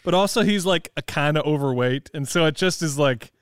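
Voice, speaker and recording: A man's voice: on the high side, a little fast, clear, resonant tone, dry recording, clean studio sound. A man co-hosting a podcast, talking casually about films, rambling and laughing often. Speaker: podcast co-host. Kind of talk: casual movie chat.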